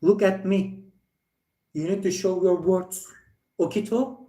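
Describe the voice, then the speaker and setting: Esl teacher guy correcting a student, higher voice but mellow, echoey classroom. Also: fairly even intonation. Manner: direct, corrective, with frequent pauses and playful asides. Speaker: IELTS speaking teacher. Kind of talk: live speaking lesson feedback. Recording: echoey room.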